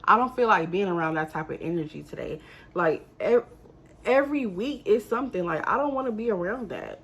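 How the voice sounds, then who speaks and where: A young woman telling a story to her viewers in a casual, animated, exasperated way. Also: mid-range voice, brisk, breathy edge.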